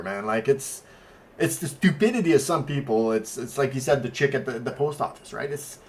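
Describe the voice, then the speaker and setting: A podcast co-host, a man whose first language is French, talks in English at a middling pitch. He rambles through stories, blunt and unfiltered, with swearing along the way. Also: animated, a little fast. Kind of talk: casual chat.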